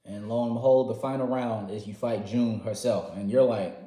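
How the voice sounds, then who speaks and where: Excitable slangy man in a roomy space. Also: fairly low pitch, normal speed. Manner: excitable, swings from loud outbursts to quiet asides, slangy. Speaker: gaming vlogger. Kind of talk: casual storytelling recap. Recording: roomy echo.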